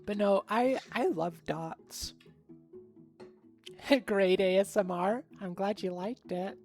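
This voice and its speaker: Chatty young woman streamer, slow talker. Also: medium pitch, a little mellow, faint music behind. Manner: bubbly, chatty, laughs often, talks to chat. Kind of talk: casual live-stream chat.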